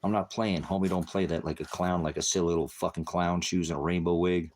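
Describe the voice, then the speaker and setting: A man's voice: deep voice, level tone, fast, darkish tone, slight background noise. A man preaching in an angry livestream rant, cursing heavily and berating someone in his chat. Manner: heavy cursing, insulting and berating; confrontational, talks to a commenter. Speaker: online preacher.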